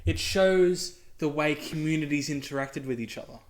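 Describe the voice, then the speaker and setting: A man's voice: a little high, normal speed, a little hiss or hum. A man co-hosting a casual podcast chat, hesitant and prone to stumbles and restarts. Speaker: podcast co-host.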